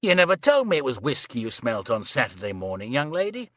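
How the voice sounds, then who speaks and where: A man's voice: mid-range voice, wildly swooping pitch, a little fast, fairly bright tone, dry recording. A man reading the part of a genial, plain-spoken police sergeant.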